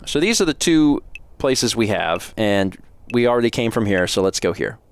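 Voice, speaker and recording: A man's voice: fairly low pitch, lively intonation, moderate pace, clean tone. A man casually commenting on a game and reading its text aloud, playful and self-mocking. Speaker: gaming channel host.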